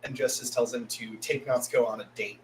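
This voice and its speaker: This man co-hosts a podcast and walks his friends through an anime episode in a loose, profane way. He acts out the characters' quoted lines mid-story, at an everyday middle pitch, with a faint hum underneath. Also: steady tone, a little fast, poor audio. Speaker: podcast co-host. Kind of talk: casual anime episode recap.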